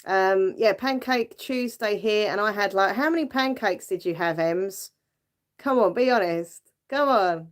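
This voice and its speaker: Hosting a casual livestream, a British woman chats giggly with her viewers, leaning on plenty of filler words. She has a mid-range voice and talks a little slowly.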